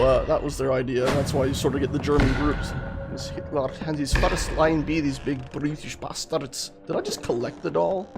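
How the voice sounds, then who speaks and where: A young man giving rambling, excitable, profane commentary while streaming a game. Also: fairly high pitch, moderate pace, husky, faint music behind. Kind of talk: casual let's-play commentary.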